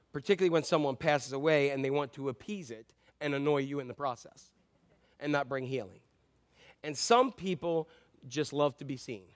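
Man, middle-aged, pastor, sermon, higher-pitched voice, conversational storytelling, loud-and-soft delivery. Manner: conversational storytelling preaching, swings from loud to quiet.

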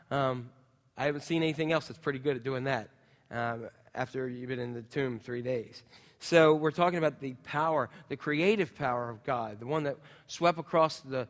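Man pastor, mid-pitched, chatty and jokey sermon, long hall reverb. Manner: chatty, jokey, with many fillers and asides to the crowd. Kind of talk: casual sermon to a congregation. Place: church hall.

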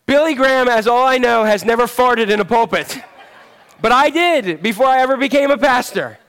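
A man's voice: very high voice, moderate pace, fairly bright tone, smooth. A man preaching a sermon as pastor in a church service, talking in a conversational, joking storytelling manner.

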